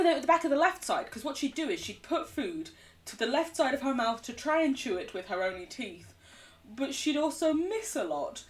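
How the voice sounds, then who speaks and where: A woman's voice: high voice, recorded from a distance. A woman game streamer chatting casually and rambling as she plays, laughing often. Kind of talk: casual gaming chat.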